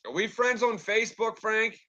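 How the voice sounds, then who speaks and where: A man's voice: sits high, moderate pace, sharp tone, dull audio. A man ranting on a live stream and answering his chat, angry, rambling and swearing constantly. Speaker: livestreamer talking to chat.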